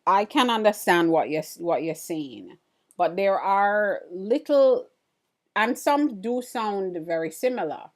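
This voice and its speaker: Hosting a live stream, a woman with an Antiguan accent answers viewer comments in a casual, curious way. Her mid-range voice is expressive and a little mellow, and she speaks slowly.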